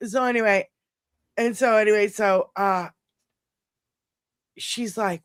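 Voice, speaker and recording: A middle-aged woman hosting a podcast, telling a long story in a casual, animated way, swearing freely and rambling. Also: mid-range voice, takes it slowly, clean tone, dry recording, clean studio sound. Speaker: podcast host.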